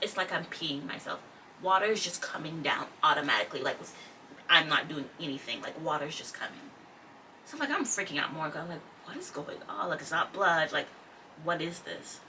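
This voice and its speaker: On the low side and sharp in tone, a young woman's voice carries a casual personal story aimed at her vlog audience. She's in her twenties, chatty, full of "like" and quoted speech, and the audio comes from a distant mic with faint background noise.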